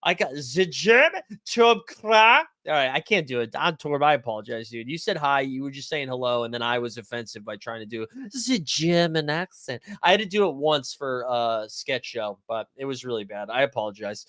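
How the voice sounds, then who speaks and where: A man's voice: mid-range voice, a little fast, hardly any pauses, fairly bright tone. Chatty guy hosting a fantasy sports stream. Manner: loose, rambling, jokey, greets chatters by name. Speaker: fantasy sports livestream host. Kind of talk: casual livestream chat reading viewer comments.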